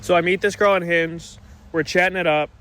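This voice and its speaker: A young man telling a personal story to the camera, indignant and animated, acting out quoted lines. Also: on the high side, a little fast, rough recording.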